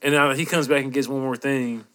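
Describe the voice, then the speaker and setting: A young man co-hosting a casual podcast. He is excitable and laughs often while retelling funny videos. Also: mid-range voice, a little fast. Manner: excitable, laughing, acts out shouted quotes. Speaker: podcast co-host. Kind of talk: casual chat.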